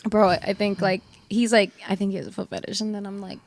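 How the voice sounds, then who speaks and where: Animated young woman telling a story. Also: mid-range voice, a little fast, no echo. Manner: animated, acts out quotes, laughs often. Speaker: podcast co-host. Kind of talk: casual storytelling chat.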